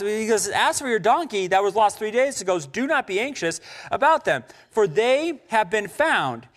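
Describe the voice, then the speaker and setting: A man's voice: sits high, sing-song, normal speed, few pauses, a bit bright, big-room sound. A male pastor preaching a sermon, reading scripture and acting out biblical characters in casual, chatty voices. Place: church sanctuary.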